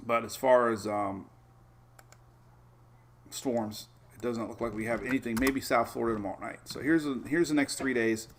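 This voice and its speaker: A man hosting a casual live weather show, chatting in a rambling way with excitable asides while looking over the maps. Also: medium pitch, normal speed, pauses often, a little hiss or hum.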